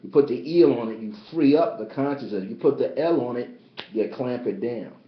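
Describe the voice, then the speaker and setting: Man, bishop, livestreamed spiritual teaching, emphatic, repetitive, mid-pitched, roomy sound. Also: normal speed, slight background noise. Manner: emphatic and repetitive, swinging from loud high exclamations to low, subdued asides. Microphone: tablet device. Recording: roomy, dull lo-fi tablet livestream.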